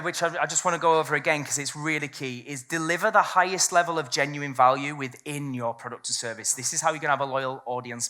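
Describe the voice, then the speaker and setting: Bright, blunt woman speaker. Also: fairly low pitch. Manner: blunt and candid, swears freely. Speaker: seminar speaker. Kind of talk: live business talk to an audience. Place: event room with a live audience.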